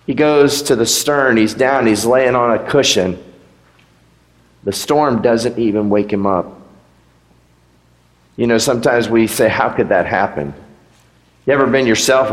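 Pastor preaching in an echoey hall. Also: male voice, fairly low pitch. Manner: conversational preaching with rhetorical questions. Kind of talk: sermon. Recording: echoey hall with long reverb.

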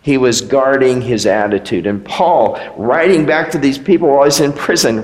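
A man preaching a sermon as pastor, animated, with rising emphasis and rhetorical questions. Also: medium pitch, normal speed, few pauses. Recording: echoey hall.

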